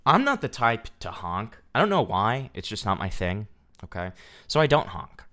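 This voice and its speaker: A young man with a somewhat low voice chats casually on a livestream. He tells a story in a profane, ranting way, talking straight to his viewers. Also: sing-song, moderate pace, fairly bright tone. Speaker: streamer.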